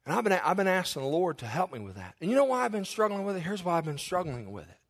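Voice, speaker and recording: A man's voice: high-pitched, very animated, quick pace. A male pastor preaching a sermon in church, telling confessional, humorous stories to his congregation.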